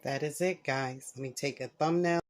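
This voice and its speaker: A woman hosting a casual cooking vlog in her home kitchen, chatting to viewers as she cooks and tastes, sometimes dropping to soft murmurs over the food. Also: extremely low pitch, normal speed. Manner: chatty, talks to viewers while cooking and tasting. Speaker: home cook and channel host.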